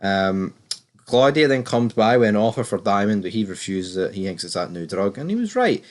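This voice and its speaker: A British man with a fairly low voice talks through a TV episode in a loose, rambling recap. He's opinionated and sweary, jumping from scene to scene with plenty of "like" and asides. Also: sing-song, moderate pace. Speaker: TV series reviewer. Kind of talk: casual episode recap commentary.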